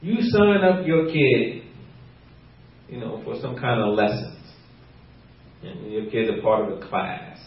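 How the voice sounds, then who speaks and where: A man preaching a teaching sermon, animated and laughing often, acting out the quotes he reads. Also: mid-range voice, a little slow, pauses often. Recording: roomy, distant, muffled.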